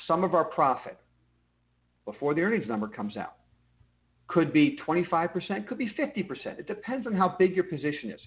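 A man hosting a trading desk meeting, explaining market lessons in an emphatic way and checking in with listeners by asking "okay?". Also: a little high. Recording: narrow phone-like audio.

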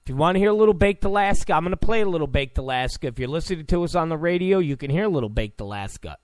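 A man's voice: fairly high pitch, animated, racing, no room sound. A man hosting a talk radio show, ranting in a sarcastic, mocking, abrasive tone.

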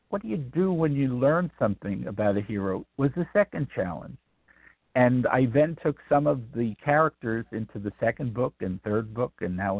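Elderly male author, reflective and halting; phone-quality audio, dry. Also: mid-range voice, gravelly, husky, no room sound. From Brooklyn, New York. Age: 80s. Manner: rambling, reflective, many ums and restarts. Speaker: author guest. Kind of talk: radio interview answers. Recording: tinny dry phone line.

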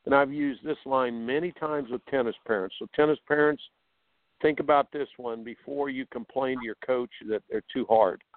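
An animated man coaches and tells stories, tripping over repeated words as he gets going. His voice is dry and close, pressed through a thin, phone-like line. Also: medium pitch, normal speed, dry recording. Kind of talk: casual storytelling.

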